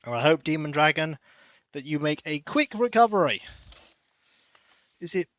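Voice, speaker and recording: A man streaming a game from a warm room at home, rambling and chatty, greeting viewers by name and cooing softly to his cat. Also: fairly high pitch, very animated, normal speed. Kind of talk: casual stream chat.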